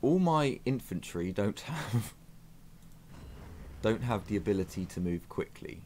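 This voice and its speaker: A man with a low voice talks through a strategy game in a chatty, self-mocking way, his pitch swinging widely as he reacts. It is relaxed let's-play commentary with a faint hum behind him. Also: slow. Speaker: gaming YouTuber.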